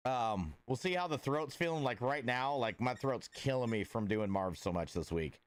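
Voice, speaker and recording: Rambling man, smooth and dry. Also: mid-range voice, lively intonation, normal speed, no room sound. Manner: rambling, with many filler words and restarts; laid-back and friendly, greeting viewers by name. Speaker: livestreamer. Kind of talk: casual livestream chat with viewers.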